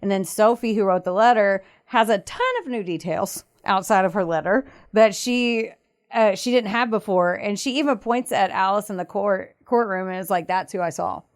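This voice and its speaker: A woman's voice: mid-range voice, moderate pace. A woman co-hosting a casual podcast, walking through a true-crime case in a chatty, storytelling way. She acts out the people she quotes and laughs often. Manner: animated retelling, acts out quotes, frequent laughter. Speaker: podcast co-host.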